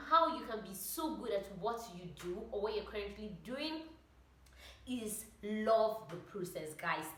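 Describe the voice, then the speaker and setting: Woman vlogger, high bright voice, very animated, echoey room, chatty pep talk. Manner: animated, chatty, full of "like" and "oh my God". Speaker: vlogger and trainee pilot. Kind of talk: motivational casual talk to camera.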